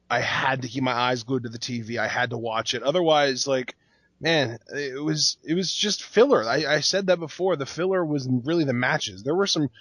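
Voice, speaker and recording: Excitable man in dry podcast chat. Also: mid-range voice, no echo. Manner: excitable, talks in bursts with restarts. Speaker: wrestling podcast co-host. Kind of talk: casual recap chat.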